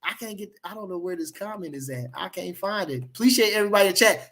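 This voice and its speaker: Man, AAVE, boxing livestream host. High, bright voice; loose and slangy, repeats lines for emphasis. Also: expressive, fast. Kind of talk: casual livestream chat reading comments.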